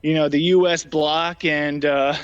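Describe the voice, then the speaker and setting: A man's voice: a little high, level tone, measured pace, smooth. A man in a casual political debate, a little out of breath, talking with many ums and restarts. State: slightly out of breath. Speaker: debate guest. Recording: dull lo-fi sound.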